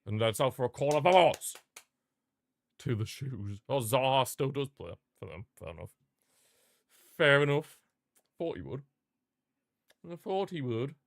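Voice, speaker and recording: A man's voice: mid-range voice, lively intonation, moderate pace, no echo. A young man, chatting casually and reacting aloud while he watches a football match live.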